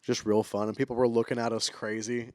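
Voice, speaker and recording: Relaxed young man, smooth dry voice. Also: mid-range voice, fairly quick, no room sound. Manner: relaxed, profane, rambling. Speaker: podcast co-host. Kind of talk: casual chat.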